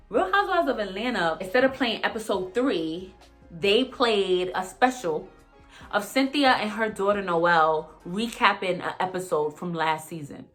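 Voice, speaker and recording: Animated young woman vlogger ranting casually. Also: on the low side. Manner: animated, swearing, jumps between topics, mimics others. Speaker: vlogger recapping reality TV. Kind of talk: casual chat.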